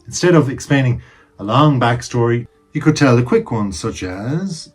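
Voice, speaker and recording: A man's voice: mid-range voice, animated, moderate pace, soft background music. A man casually giving advice on telling jokes to camera, chatty and emphatic, dropping jokey asides while seated indoors.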